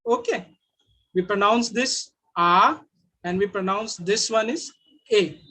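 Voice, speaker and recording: A man with an Indian English accent teaching Mandarin sounds in an online class, repeating each sound slowly. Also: sits high, very animated, pushed and bright.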